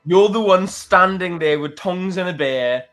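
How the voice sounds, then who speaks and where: A man's voice: high voice, a little slow, fairly bright tone, faint music behind. A man co-hosting a livestream, trading teasing banter and laughing often. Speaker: livestream co-host. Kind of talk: casual chat.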